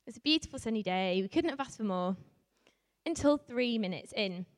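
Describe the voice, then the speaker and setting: A woman from Yorkshire without a strong accent, telling a story to a live audience as a youth worker, animated, with laughs and many ums. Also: on the high side, a little fast. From Yorkshire, England. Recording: reverberant hall.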